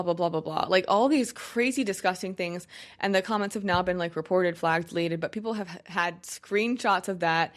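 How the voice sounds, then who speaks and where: A woman hosting a podcast in a casual monologue, speaking with passion and many fillers and restarts. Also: on the low side. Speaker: podcast host.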